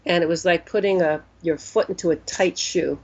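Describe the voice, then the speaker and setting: A woman in her sixties, an interview guest, telling a personal story in an earnest, unhurried way and voicing her own thoughts as she goes. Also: fairly low pitch, fairly even intonation, darkish tone, husky. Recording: dull lo-fi recording.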